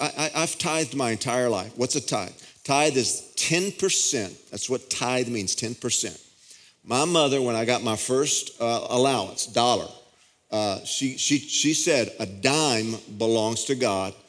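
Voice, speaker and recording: Pastor preaching in a casual way. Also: male voice, medium pitch. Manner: conversational preaching with frequent restarts. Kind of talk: sermon. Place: church auditorium.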